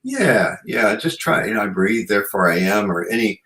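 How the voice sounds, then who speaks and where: A man's voice: on the low side, big pitch swings, normal speed, pushed and bright, rough recording. A man hosting a radio show, chatting in a rambling, reflective way with many "you know"s. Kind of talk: casual chat.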